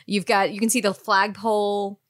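A woman's voice: medium pitch, little pitch movement, moderate pace, dry recording, clean studio sound. Woman running a tabletop game. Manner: casual, laughing, filler-heavy. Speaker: game master.

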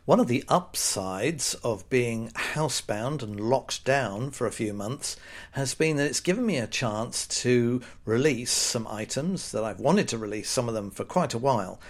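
A man's voice: medium pitch, animated, moderate pace. A middle-aged man hosting a podcast, telling a sarcastic comic monologue with a wry, storytelling manner. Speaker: podcast host.

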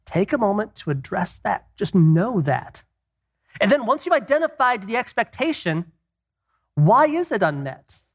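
A man giving a relaxed Christian teaching on marriage, speaking conversationally with many rhetorical questions and casual asides. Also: high voice, measured pace.

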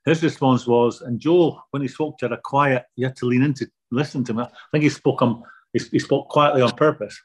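Older man with a husky voice. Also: mid-range voice, fairly even intonation, fairly quick. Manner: anecdotal, self-deprecating, repeats words when starting. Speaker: guest. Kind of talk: relaxed storytelling interview.

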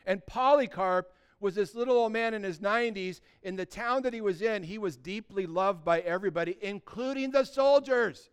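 A man preaches to his congregation with a voice that sits high for a man and rings smooth and clear. He tells stories with real emphasis and drives his points home through repetition. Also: moderate pace, few pauses. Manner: storytelling, emphatic with repeated phrases. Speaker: pastor. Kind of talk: sermon.

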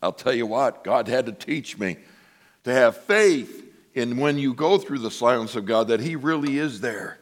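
Animated storytelling male pastor. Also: medium pitch, moderate pace. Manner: animated storytelling, acts out voices. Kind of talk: sermon.

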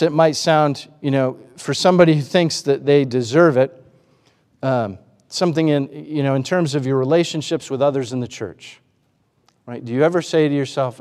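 A man's voice: on the high side, moderate pace, darkish tone, in a large hall. A man preaching a sermon, asking the congregation rhetorical questions and acting out the voices he quotes. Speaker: pastor.

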